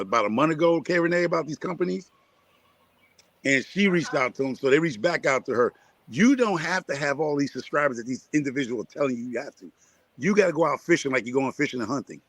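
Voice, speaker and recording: Here the man's voice is fairly high and a bit bright. He's from Connecticut, talking gardening in a casual live chat where he keeps repeating points and sermonizing to rally the listeners.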